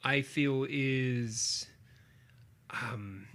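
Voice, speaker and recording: A man's voice: mid-range voice, drawn-out words, fairly bright tone. A man co-hosting a casual movie podcast, joking, laughing often and trailing off mid-thought. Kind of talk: casual chat about movies.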